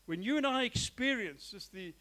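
A man's voice: extremely high pitch, animated, moderate pace, bright, forceful tone, low-quality recording. A man preaching a sermon in church, earnest and emphatic, often repeating his phrases and speaking straight to his listeners. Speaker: pastor.

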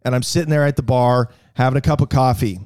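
A man's voice: medium pitch, steady tone, quick pace, darkish tone, clear, resonant tone. A man telling a crude comic story on a podcast, ranting with lots of swearing and stammered restarts.

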